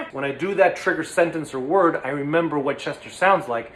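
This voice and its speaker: A young man gives a playful, casual lesson in puppetry, demonstrating as he goes and slipping into silly voices. His voice is a little high and fairly quick, recorded in an echoey room with faint noise.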